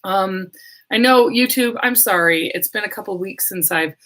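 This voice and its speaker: A middle-aged woman hosting a casual livestream into a webcam, chatty and meandering. Her voice is a little hoarse, and she laughs easily as she talks to viewers. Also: mid-range voice, normal speed, pushed and bright. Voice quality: slightly hoarse. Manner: chatty, rambling, laughs often. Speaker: medium and livestream host.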